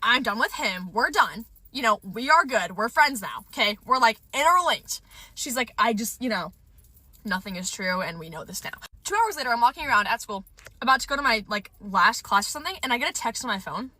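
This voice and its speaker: A woman's voice: brisk, no echo. A young woman telling a school drama storytime in a casual, slangy way, acting out the quotes with big jumps in her voice. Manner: animated, slangy, acts out quotes with jumps in pitch.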